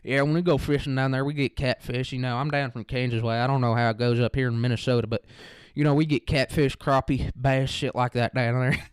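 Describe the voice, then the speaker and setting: A man's voice: medium pitch, little pitch movement, fairly quick, clear, resonant tone, dry recording, studio quality, close to an everyday voice. A man voicing a boastful country fisherman in an exaggerated rural American country drawl, drawling and folksy. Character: boastful country man spinning fishing tales. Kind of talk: comic impression in a podcast monologue.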